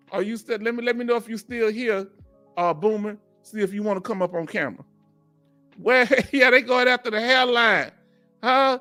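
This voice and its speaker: A man's voice: very high voice, bright, forceful tone. A man from Houston with a Southern Texas accent, hosting a casual live stream and joking with his viewers, laughing often. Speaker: veteran livestream host.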